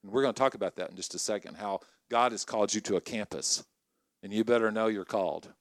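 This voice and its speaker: A middle-aged man preaching a sermon to college ministry leaders, conversational and energetic, often asking the crowd questions. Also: lowish voice, fast talker, no echo. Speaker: pastor.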